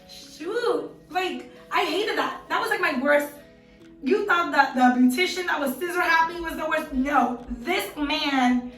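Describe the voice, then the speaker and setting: A woman's voice: high voice, far from the mic. Chatty young woman vlogging, roomy sound. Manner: chatty, animated, acts out quoted voices. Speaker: beauty vlogger. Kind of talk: casual storytelling to camera. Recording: roomy, mic set back, soft music.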